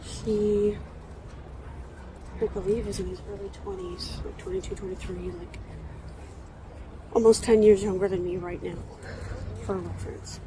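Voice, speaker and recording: A woman in her thirties casually vlogging while walking, talking in an earnest, rambling way with frequent pauses. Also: medium pitch, little pitch movement. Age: 30s. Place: outdoors on a city street with construction nearby. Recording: traffic and construction noise behind.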